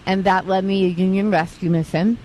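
A woman's voice: mid-range voice, little pitch movement, a little mellow, slight background noise, rough recording. Earnest woman with a slight lisp. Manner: earnest, halting with restarts and fillers. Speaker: interview guest, mission staff. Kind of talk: personal testimony. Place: outdoors at a live charity event.

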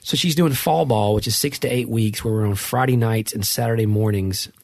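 A middle-aged man with a husky, slightly breathy voice tells a rambling story full of restarts and asides. The sound is close and dry, with no room around it. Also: lowish voice, brisk, no echo. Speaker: podcast co-host. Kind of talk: casual chat.

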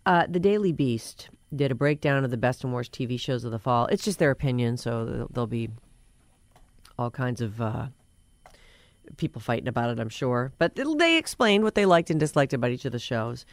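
A woman's voice: extremely low pitch, lively intonation, brisk, dry recording. A woman hosting a casual talk show, chatting loosely about movies and TV news with fillers and restarts. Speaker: radio show host. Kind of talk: casual show chat reading entertainment news.

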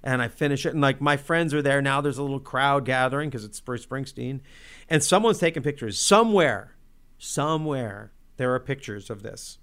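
A man tells a story from his life as a musician in a loose, excitable way, full of "like" and self-mockery. His voice is smooth and resonant, sitting at an ordinary male pitch. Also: moderate pace. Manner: excitable, self-deprecating, heavy use of "like". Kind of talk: casual personal storytelling.

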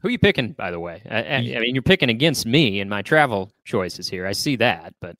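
A man's voice: fairly low pitch, sing-song, fairly quick, a bit bright, dry recording. Guy cohosting a sports podcast, joking around, dry close mic sound. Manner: joking, breezy banter. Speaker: podcast co-host. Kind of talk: casual sports podcast chat.

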